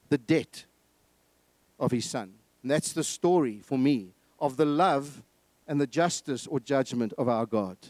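High-voiced man preaching a sermon. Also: a little mellow, no room sound. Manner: earnest storytelling with repeated phrases. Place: church.

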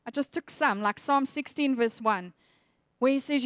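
A woman's voice: sits high, normal speed, a bit bright, no echo. Earnest woman preaching a sermon. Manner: earnest, reflective, reads scripture aloud with feeling.

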